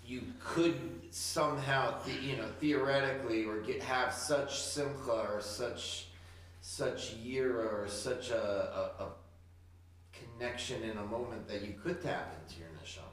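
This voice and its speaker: A man's voice: medium pitch, a little slow. A man asking a question as a student, searching for words and restarting often. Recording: distant mic in a very echoey room with faint noise.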